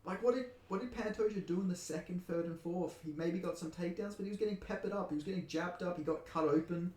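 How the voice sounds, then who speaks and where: Quick and high-voiced, with a slightly mellow tone, this Perth-based Australian MMA commentator angrily reacts to a fight result he calls a robbery, full of profanity and indignation. The sound is reverberant.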